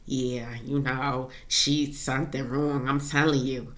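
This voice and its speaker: A woman's voice: a bass voice, fairly even intonation, moderate pace, few pauses. A woman talking in a personal vlog, rambling and confessional, laughing to keep from crying. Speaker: vlogger.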